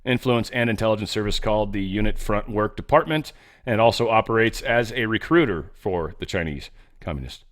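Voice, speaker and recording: A man's voice: on the low side, expressive, brisk. Rambling sarcastic man riffing on news. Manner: rambling, sarcastic, profane asides. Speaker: podcast host. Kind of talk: casual news commentary monologue.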